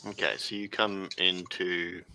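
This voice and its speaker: A man's voice: deep voice, little pitch movement, a little slow, pushed and bright, slight background noise. A man narrating a tabletop fantasy game as game master, loose and rambling with fillers.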